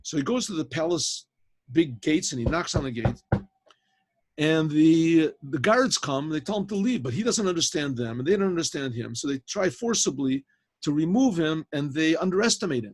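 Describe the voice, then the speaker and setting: Male rabbi storyteller, a little high and husky, animated and rambling. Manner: animated teller, frequent throat clearing and restarts. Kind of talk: spoken storytelling to a class. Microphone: video call.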